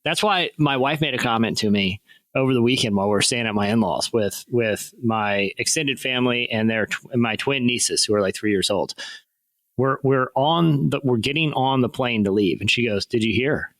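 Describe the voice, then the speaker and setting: A man co-hosting a podcast, telling stories in a rambling, laughing way, his pitch jumping up when he gets excited. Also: moderate pace, dry recording. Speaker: podcast co-host. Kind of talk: casual chat, reading news stories.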